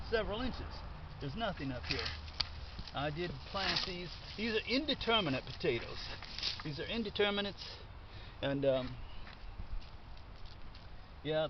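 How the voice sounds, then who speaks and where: A fairly high-voiced man talks casually as he works outdoors in his garden, thinking aloud and breaking into delighted exclamations. The recording is dull and lo-fi, with clear background noise from outside and passing traffic. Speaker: home gardener. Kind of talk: casual narration while digging up potatoes.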